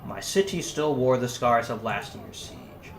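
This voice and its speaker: A man's voice: medium pitch, expressive, unhurried, vocal fry. A man voicing an earnest young French male valet with a put-on French accent, reading the narration aloud. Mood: reflective. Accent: attempted French accent. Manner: reads first-person narration aloud. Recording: echoey room, faint hiss.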